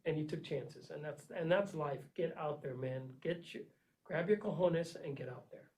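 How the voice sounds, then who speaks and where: A man delivering an emphatic, repetitive motivational monologue, swinging between loud urging and low, intense asides. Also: normal speed, low-quality recording. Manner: preachy, earnest pep talk with frequent "man" and "okay". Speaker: vlogger giving life advice.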